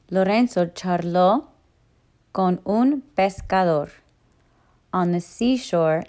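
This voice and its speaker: A woman's voice: fairly low pitch, darkish tone. A woman teaching Spanish grammar in a recorded lesson, patiently walking through each rule one step at a time.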